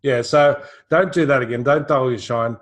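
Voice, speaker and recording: A man's voice: mid-range voice, moderate pace. A man with an Australian accent, giving a live intuitive reading over a video call. He rambles casually, repeats his words and laughs often. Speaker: intuitive reader, co-host. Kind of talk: live online session, casual chat.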